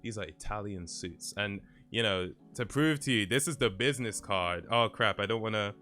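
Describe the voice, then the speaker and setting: A man's voice: on the low side, moderate pace. A young man from Nigeria, telling a story in a casual, chatty way to his live stream chat. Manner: animated, laughing, chatty retelling. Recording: faint music behind.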